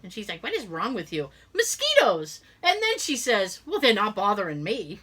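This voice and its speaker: Bright, animated woman co-hosting a podcast. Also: mid-range voice, a little fast, breathy edge. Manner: animated, acts out quoted voices, laughs often. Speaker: podcast co-host. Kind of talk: casual storytelling chat.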